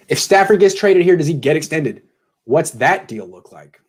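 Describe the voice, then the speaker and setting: A man's voice: fairly high pitch, expressive, moderate pace, husky. A man hosting a live sports Q&A, thinking aloud in a casual, conversational way with sarcastic asides. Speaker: sports podcast host answering viewer questions.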